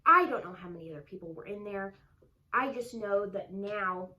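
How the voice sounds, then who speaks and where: A woman's voice: medium pitch, moderate pace, bright, forceful tone, poor audio. A woman in her thirties co-hosting a casual chat, telling candid stories and mimicking her child. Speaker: co-host.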